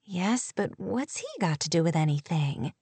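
A woman voicing Linda, brisk wry teacher. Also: fairly low pitch, lively intonation, dark tone, slightly rough, no echo. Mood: puzzled. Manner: brisk, quick delivery.

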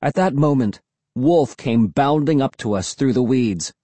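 Husky male audiobook narrator. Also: medium pitch, expressive, measured pace, warm tone, dry recording. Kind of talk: first-person audiobook narration.

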